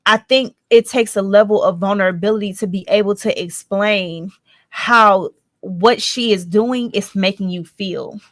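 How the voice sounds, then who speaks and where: A woman's voice: medium pitch, measured pace, no room sound, clean studio sound. A woman co-hosting a casual talk show, earnest and emphatic as she makes her case. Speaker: podcast co-host. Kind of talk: casual discussion.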